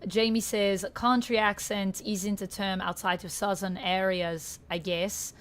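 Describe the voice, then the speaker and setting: A young woman with a Canadian accent chatting casually to her viewers while playing a game live, reading out chat and filling pauses with "uh" and "like". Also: mid-range voice, little pitch movement. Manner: chatty, reads chat aloud, frequent fillers. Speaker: streamer. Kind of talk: live-stream gameplay chat.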